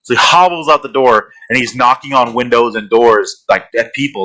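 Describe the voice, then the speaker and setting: Man with a bright, forceful voice. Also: medium pitch, moderate pace, few pauses, rough recording. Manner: rambling storytelling with fillers. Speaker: podcast co-host. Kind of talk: casual horror podcast recap.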